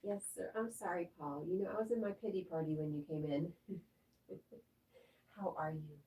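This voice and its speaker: Mellow-voiced woman chatting on a livestream. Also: fairly low pitch, normal speed. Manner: reads viewer comments aloud and replies chattily; talks to her dog between comments. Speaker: livestream host. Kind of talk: casual livestream chat.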